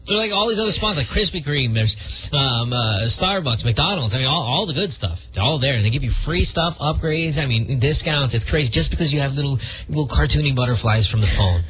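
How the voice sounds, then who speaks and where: A man's voice: medium pitch, animated, a bit bright. A man hosting a radio show, chatting casually and stumbling through restarts. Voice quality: husky, halting with many restarts.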